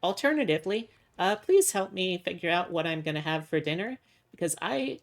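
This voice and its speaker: A woman's voice: on the low side, animated, brisk, soft background music. A woman streamer chatting casually with her viewers in a rambling, indecisive, self-mocking way. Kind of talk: casual livestream chat.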